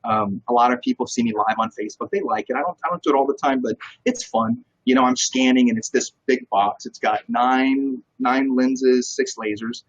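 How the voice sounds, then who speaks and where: A man's voice: medium pitch, moderate pace, few pauses, husky, highs cut off. A man, a real estate broker, talking as a guest in a casual interview and telling stories with lots of energy. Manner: energetic, animated storyteller.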